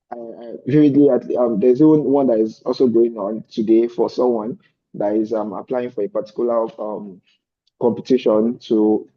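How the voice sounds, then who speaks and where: Hesitant man on a lo-fi video call. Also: mid-range voice. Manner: hesitant, many fillers. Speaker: fellowship student. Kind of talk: online meeting update. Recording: dull lo-fi call audio.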